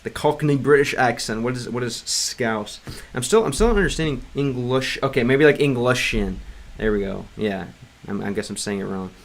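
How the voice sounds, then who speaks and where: A man chatting casually on a livestream, rambling with many restarts and fillers and stopping now and then to sound out game text in halting learner's Russian. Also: mid-range voice, lively intonation, gravelly, a little hiss or hum. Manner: clumsy Russian read aloud in a learner's voice. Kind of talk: casual livestream chat reading comments.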